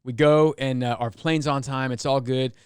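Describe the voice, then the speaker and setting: A man's voice: mid-range voice, steady tone, moderate pace, clean tone, dry recording, clean studio sound. A man hosting a podcast, rambling through a story with plenty of swearing. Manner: rambling, swears, reads timestamps aloud. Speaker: podcast host. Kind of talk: casual podcast chat.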